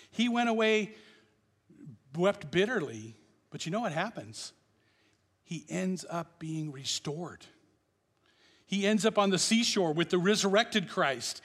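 A man preaching a passionate sermon as pastor, swinging between loud declarations and hushed, quiet lines. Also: high-pitched, big-room sound.

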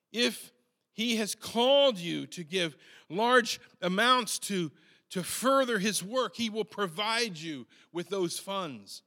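A man preaching a sermon in an earnest, unhurried way, often restarting and repeating words as he goes. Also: high-pitched, pushed and bright, long reverb tail.

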